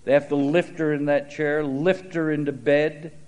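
A man's voice: on the high side, flat delivery, normal speed, darkish tone, muffled recording. An older man preaching a sermon, telling stories in a conversational way with frequent "uh" fillers. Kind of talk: sermon with storytelling.

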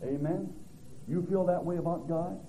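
A man preaching a sermon as a pastor, swinging from loud to hushed. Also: fairly high pitch, fairly even intonation, normal speed, a little hiss or hum. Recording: tinny phone-like recording.

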